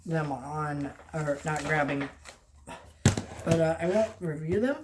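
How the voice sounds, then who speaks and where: A young adult movie vlogger talks to camera in a rambling, halting way, often trailing off and starting over. The tone is earnest and heartfelt, at a middling pitch, with faint background noise in the room. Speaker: film vlogger. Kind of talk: casual movie talk to camera.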